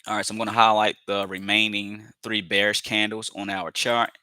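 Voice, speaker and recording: Calm man calling out trades, bright and dry. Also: on the low side, fairly quick, smooth, no echo. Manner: repeats phrases, fills with "you know", calls viewers family; calm, talks himself into patience. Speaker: day trader streaming live trades. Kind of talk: live trading commentary.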